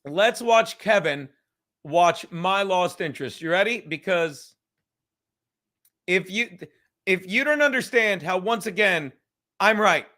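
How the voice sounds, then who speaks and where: A man in his fifties hosts a casual livestream from home, rambling, swearing, laughing often, and drinking as he talks. His voice is high-pitched, bright, and forceful, with lively intonation, and he speaks slowly with long pauses, sometimes dropping to a whisper.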